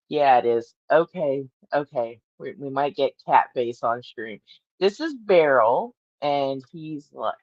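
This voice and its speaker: A woman's voice: a bass voice, a little slow, dry recording, muffled recording. A woman hosting a casual morning livestream from her bedroom, rambling, laughing often and talking to her cat. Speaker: livestream host.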